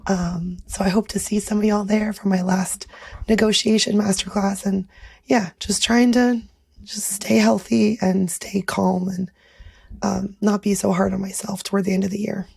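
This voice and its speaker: Gravelly-voiced woman with a worn voice. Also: medium pitch, little pitch movement, normal speed. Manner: reflective, soft-spoken, recovering from illness. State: voice worn from illness. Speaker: podcast co-host. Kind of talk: casual chat.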